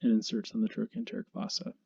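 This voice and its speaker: A man teaching anatomy in a relaxed, conversational way, walking through the muscles one by one. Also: fairly low pitch, fast, creaky, husky, muffled recording. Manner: relaxed and conversational, with small restarts. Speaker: instructor. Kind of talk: casual anatomy lecture.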